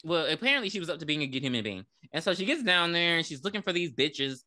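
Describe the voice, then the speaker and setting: A woman co-hosting a podcast, recapping a horror movie in casual, profane, animated chat. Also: sits low, quick pace. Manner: profane, animated storytelling with laughs. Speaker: podcast co-host. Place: podcast recording.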